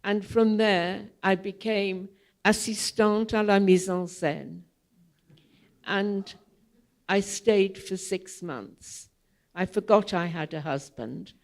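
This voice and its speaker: An older woman speaking to a theatre audience as a guest, telling long anecdotes in an unhurried, digressive way, with frequent ums. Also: medium pitch, steady tone. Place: theatre hall, public event.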